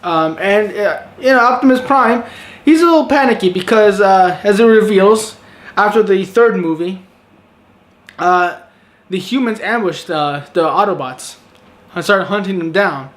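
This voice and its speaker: High-voiced man rambling through a review. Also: measured pace. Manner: rambling, filler-heavy, sarcastic, breaks into exasperated outbursts. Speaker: movie reviewer. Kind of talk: casual spoken review.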